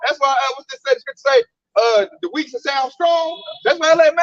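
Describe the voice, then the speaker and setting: High-voiced guy doing a bible lesson, blunt, slangy, muffled and dry sound. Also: lively intonation, fast, hardly any pauses, fairly bright tone, no echo. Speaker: Bible teacher. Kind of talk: casual street preaching.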